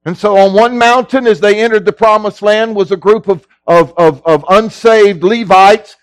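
A middle-aged male pastor preaching a sermon in a folksy way, moving between low, quiet teaching and loud shouting. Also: steady tone, normal speed, clean tone, no echo. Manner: folksy, drops into casual grammar.

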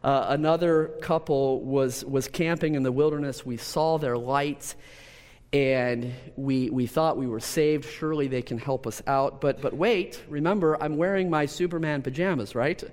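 A man preaching a sermon, telling a personal story with lively repetitions and restarts. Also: fairly high pitch, moderate pace. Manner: storytelling, animated, with repeated words and restarts. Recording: long hall reverb.

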